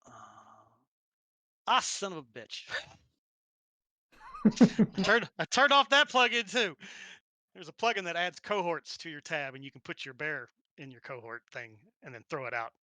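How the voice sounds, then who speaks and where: A man's voice: a little high, expressive, a little slow, long pauses, sharp tone, no room sound. A man running a tabletop game, chatting casually and muttering to himself while fiddling with settings. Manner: muttering to himself, jokey and distracted. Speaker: game master.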